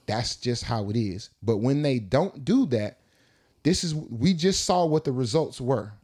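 A man co-hosting a podcast in casual chat, telling animated, slangy stories. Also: medium pitch, unhurried, slightly rough. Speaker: podcast co-host.

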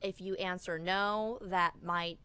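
Bright-voiced young woman podcast co-host. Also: lowish voice, fairly even intonation, slow pace, smooth, no echo. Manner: chatty, laughs often, fillers. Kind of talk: casual chat.

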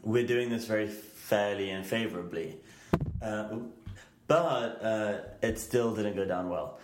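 English man, podcast co-host, lowish voice, casual rambling storyteller, roomy echo. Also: a little slow, noisy background. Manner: chatty storyteller who explains at length. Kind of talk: casual chat.

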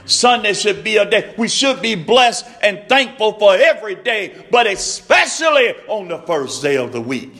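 A man preaching a sermon, slow and emphatic, repeating his refrains and rising to shouts. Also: sits high, very animated.

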